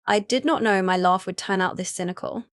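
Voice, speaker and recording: A woman narrating a first-person romance audiobook in an even, unhurried reading voice. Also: mid-range voice, no echo, clean studio sound.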